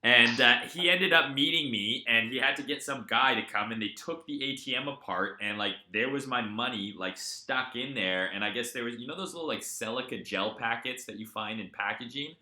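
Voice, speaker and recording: A man's voice: mid-range voice, normal speed, few pauses, echoey room. A man hosting a live crypto trading stream, chatting casually and telling stories with a lot of swearing. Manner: profane, animated storyteller.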